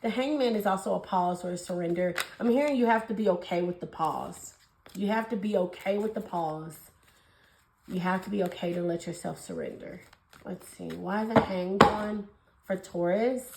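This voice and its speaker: Young woman reading tarot, talks fast n gushy, calls u honey, echoey room. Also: medium pitch, creaky, a little mellow, slight background noise. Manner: fast, gushing and affectionate, calls viewers babies and honey. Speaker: tarot reader. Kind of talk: casual tarot reading to camera.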